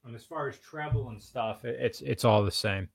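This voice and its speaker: A man's voice: mid-range voice, normal speed, vocal fry, background noise. A young man from Pennsylvania, co-hosting a live stream in casual, playful chat. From Pennsylvania, USA. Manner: playful, chatty, runs audience audio checks. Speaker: stream co-host.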